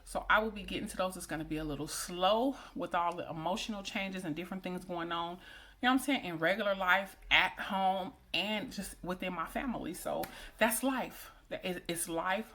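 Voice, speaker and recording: Heartfelt, prayerful woman vlogger, lowish voice. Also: moderate pace, pushed and bright. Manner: heartfelt, prayerful, repeats phrases for emphasis. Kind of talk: emotional personal talk to viewers.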